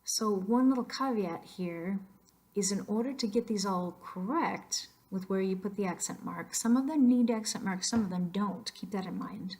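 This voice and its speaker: A young adult woman, a Spanish teacher, narrating a slide lecture and explaining accent rules, switching between English and Spanish with soft asides. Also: medium pitch, normal speed.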